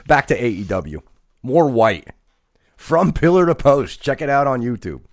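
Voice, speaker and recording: A man's voice: mid-range voice, big pitch swings, slow pace, no echo. Podcast guy ranting and mocking someone, bouncy voice, dead dry room. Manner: mocking, addresses critic by name repeatedly. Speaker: podcast co-host. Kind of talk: casual podcast rant.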